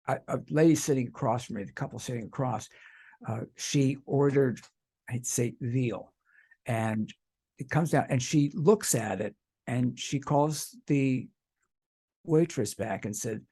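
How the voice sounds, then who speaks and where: Husky older male talk host. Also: mid-range voice, measured pace, mellow. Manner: rambling anecdotal storytelling with restarts. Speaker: radio talk show host. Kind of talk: casual interview chat.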